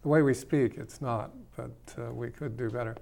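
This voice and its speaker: A man's voice: mid-range voice, fairly even intonation, moderate pace, vocal fry, darkish tone, a little hiss or hum. A man hosting a call-in talk show, rambling and playful, teasing his listeners as he explains his ideas. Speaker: radio show host.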